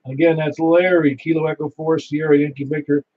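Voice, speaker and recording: A man's voice: fairly high pitch, level tone, fairly quick, slight background noise. A man running an amateur radio net, chatting and telling stories with an easy laugh. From Niagara Falls, New York. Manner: chatty, storytelling, laughs easily. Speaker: net control operator. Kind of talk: ham radio net chat. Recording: muffled lo-fi radio audio.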